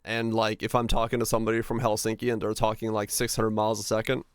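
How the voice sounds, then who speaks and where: A man with a neutral American broadcaster-like accent, livestreaming and chatting casually in a relaxed, rambling way. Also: on the low side, fast, clear, resonant tone, dry recording, clean studio sound. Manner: relaxed, rambling, many fillers. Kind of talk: casual chat while gaming.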